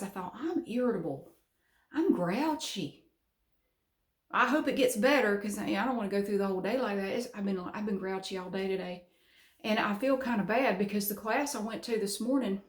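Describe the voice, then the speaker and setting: Rambling middle-aged Southern woman vlogging. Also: a little high. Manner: rambling, frank, swears casually. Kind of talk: casual chat to camera. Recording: roomy echo.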